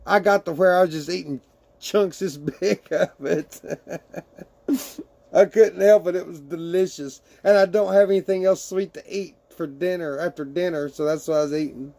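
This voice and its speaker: A man's voice: high-pitched, fairly even intonation, moderate pace, creaky, dark tone. A man casually chatting with his livestream viewers and reading their messages aloud, laughing often and swearing freely.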